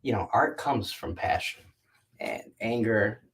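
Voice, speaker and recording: A man's voice: fairly low pitch, unhurried, a bit bright. A man who is a guest artist, chatting casually and in a laid-back, rambling way about his art show. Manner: laid-back, rambling, lots of "like" and "you know". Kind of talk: casual interview chat.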